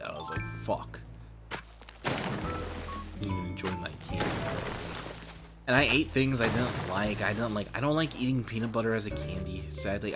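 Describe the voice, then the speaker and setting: Brief: male streamer in casual chat, rambling and profane, keeps calling the listener brother, slightly low voice, music playing behind.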